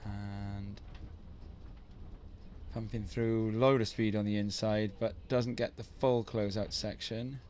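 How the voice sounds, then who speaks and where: A man's voice: fairly low pitch, little pitch movement, slow, a little mellow, a little hiss or hum. A man doing live commentary on a surf contest, chatty and teasing, with self-deprecating banter between the heats.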